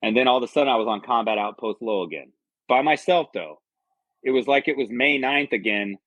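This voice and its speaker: In dull, lo-fi podcast audio with no echo, a US army veteran appears as a guest and rambles through a personal story, earnest and profane. He speaks a little fast in a medium-pitched, slightly bright voice.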